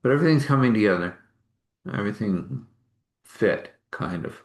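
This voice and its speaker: Chatty man with a low voice. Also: lively intonation, normal speed. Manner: rambling and chatty, with laughs and apologies for yawning. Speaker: spiritual healer and host. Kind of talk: live meditation talk and storytelling.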